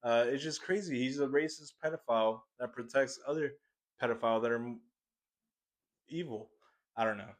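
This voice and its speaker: A man's voice: medium pitch, normal speed, pauses often. A young man rants on a casual comedy podcast, swearing freely and wandering from point to point. He laughs often and sounds close to a podcast mic, with a mid-range voice. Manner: profane, rambling, laughs often. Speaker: podcast host.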